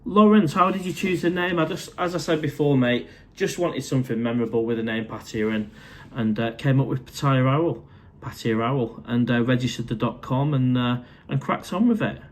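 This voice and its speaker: A man's voice: medium pitch, moderate pace. A middle-aged man with a Mancunian accent chats casually on a live stream from his condo. He reads out and answers viewers' comments in a friendly, matey way, calling people mate as he goes. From Manchester, England. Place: condo indoors.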